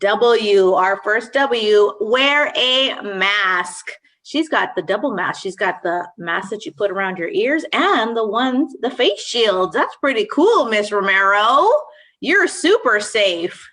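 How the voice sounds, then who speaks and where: A woman co-hosting an online school assembly, energetic and encouraging, reviewing safety reminders for students. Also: mid-range voice, measured pace. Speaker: school staff co-host. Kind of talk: upbeat school assembly talk. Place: video call for an online assembly.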